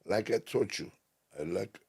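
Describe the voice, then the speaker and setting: An older man, a DJ guest telling stories in broken English with animated, emphatic repetition. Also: fairly low pitch, unhurried, vocal fry, slightly rough. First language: Greek. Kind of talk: storytelling interview chat.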